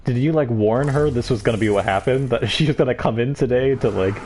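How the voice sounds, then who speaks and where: A man's voice: medium pitch, fast talker, a little mellow, breathy edge. A man streaming a video game, giving casual, joking commentary with chatty asides. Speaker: livestreamer.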